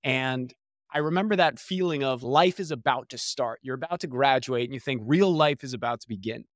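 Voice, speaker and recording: A man from New Jersey, a guest on a podcast who coaches and mentors people. He tells his story in a lively, conversational way, often slipping into mock voices. His voice sits at a middle pitch and is recorded dry and close. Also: a little fast, dry recording. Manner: animated, slips into mock voices.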